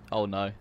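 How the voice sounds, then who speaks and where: A young man's lowish, fairly bright voice comes through lo-fi sound with slight background noise as he plays a farming game. He chats casually, joking and laughing through stories of accidents he's caused himself.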